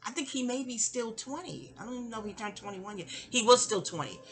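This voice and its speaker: A woman's voice: a little high, fast. A young woman casually telling a personal story, chatty and digressive, often trailing off into asides. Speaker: audio diarist.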